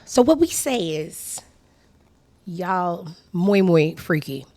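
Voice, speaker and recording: A woman hosting her own show in a crude, sassy comedic monologue that swings from low mutters to loud outbursts. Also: expressive, slow. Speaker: show host.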